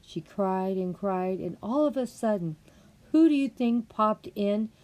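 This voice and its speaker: An older woman, a grandmother, narrating a storybook tale in a gentle read-aloud manner. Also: medium pitch, animated, a little slow.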